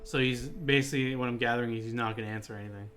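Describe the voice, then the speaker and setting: A man's voice: medium pitch, fairly even intonation, very fast, a bit bright. A man playing a tabletop role-playing game, switching between his hero's lines and table talk. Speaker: player. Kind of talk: tabletop role-play, in and out of character. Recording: with background music.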